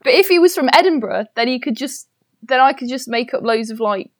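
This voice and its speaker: An excitable woman with a Midlands accent, chatting and egging on her co-hosts on a podcast. Her voice is high and swings widely in pitch. The sound is dry and close. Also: a little fast, no echo. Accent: Midlands English. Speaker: podcast co-host. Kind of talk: casual chat.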